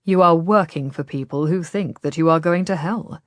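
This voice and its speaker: A woman voicing a smooth, persuasive Ottoman nobleman who speaks quietly and gently in an audiobook. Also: deep voice, normal speed, no room sound, clean studio sound, lightly acted. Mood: coaxing, ominous.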